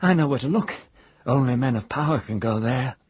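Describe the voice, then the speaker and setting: A man voicing a broken former wizard, a maimed man who speaks in a soft, hoarse voice in halting, stammering bursts. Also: medium pitch, animated, no room sound, pitched above the performer's own voice. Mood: cunning.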